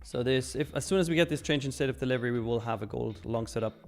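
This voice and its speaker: A young man hosts a live trading stream, chatting casually as he reads viewer questions aloud and answers them. His voice is medium-pitched and fast, with faint music in the background. It's relaxed live market commentary.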